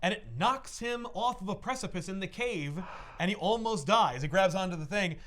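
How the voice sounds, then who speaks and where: Animated man retelling a story. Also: high-pitched, normal speed. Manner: animated storytelling full of "like" asides. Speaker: podcast co-host retelling a comic story. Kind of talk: casual chat.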